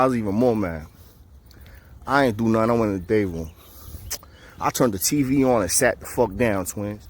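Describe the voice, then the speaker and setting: Animated New man telling a story. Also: lowish voice, moderate pace, pauses often. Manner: animated, acts out quoted voices, profane street slang. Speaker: storyteller recounting jail time. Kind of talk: casual storytelling to camera.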